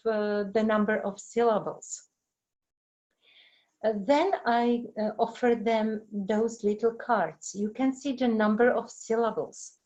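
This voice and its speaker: Slow, hesitant woman giving a webinar. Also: on the high side, a little mellow, low-quality recording. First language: Czech. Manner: hesitant, many fillers and apologies. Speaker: teacher trainer. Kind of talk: webinar presentation.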